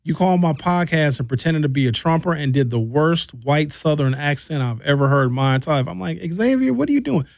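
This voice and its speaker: A man hosting a radio talk show and podcast, outspoken and animated, telling stories and giving blunt opinions. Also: on the high side, brisk, hardly any pauses, no echo, clean studio sound.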